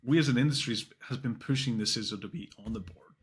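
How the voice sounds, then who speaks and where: Fast-talking husky-voiced male podcast host. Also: medium pitch. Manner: quick, halting talk with many restarts. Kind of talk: podcast interview.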